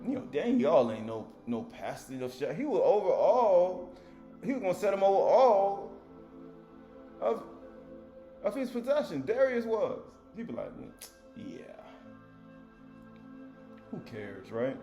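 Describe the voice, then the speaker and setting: A man's voice: medium pitch, animated, a little fast, darkish tone, roomy sound, faint music behind. A man preaching a Sabbath sermon in a loose, conversational way, rising to emphatic readings of scripture.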